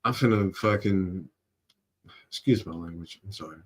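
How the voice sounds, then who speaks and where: A man hosting a stream, reacting casually with slang, frequent laughter and quick apologies for cursing. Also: low voice. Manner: laughs often, slangy, curses then apologizes. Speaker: streamer host.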